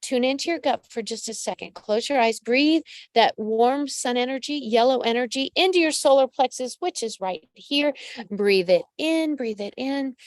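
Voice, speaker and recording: A woman psychic medium hosts a live reading in a fairly high voice, recorded close and dry with no room sound. She coaches listeners directly and keeps calling them honey and darling. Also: moderate pace, few pauses, no room sound. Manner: affectionate, calls listeners pet names. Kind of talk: live-streamed astrology reading.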